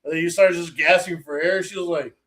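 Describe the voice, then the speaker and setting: A man with a voice a bit high for a man, chatting on a livestream. He teases his friends, swears freely and acts out other people's lines as he tells a story. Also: steady tone, fairly quick, fairly bright tone. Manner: teasing, profane, acts out quoted dialogue. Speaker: podcast co-host. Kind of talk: casual livestream chat.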